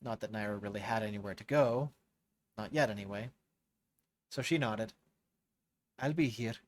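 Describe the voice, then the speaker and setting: A man hosting a live reading of a novel, narrating in a measured way and rereading lines he stumbles on. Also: fairly low pitch. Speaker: host reading a novel aloud. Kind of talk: scripted narration read aloud live.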